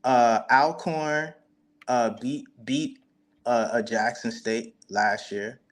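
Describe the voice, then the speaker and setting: A man's voice: medium pitch, steady tone, takes it slowly. A man with a Chicago accent, a guest fan on a sports talk show, proudly defending his team.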